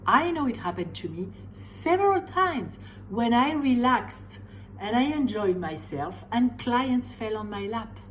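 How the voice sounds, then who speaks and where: A woman's voice: on the high side, a little hiss or hum, rough recording. A middle-aged woman from France with a French accent, giving an emphatic motivational talk as a life coach and stressing her key words. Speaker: life coach and tapping practitioner.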